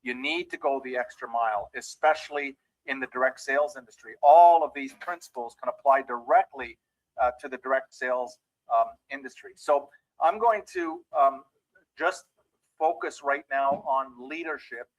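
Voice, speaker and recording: A man's voice: medium pitch, normal speed, dry recording, low-quality recording. A man giving a motivational training talk as a mindset trainer, telling a story and speaking directly to his listeners.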